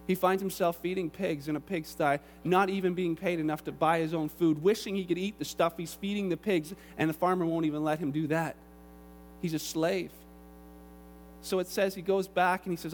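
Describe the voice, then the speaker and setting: Animated high-voiced male preacher. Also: fairly quick. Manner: animated storytelling, acts out characters' voices. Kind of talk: sermon.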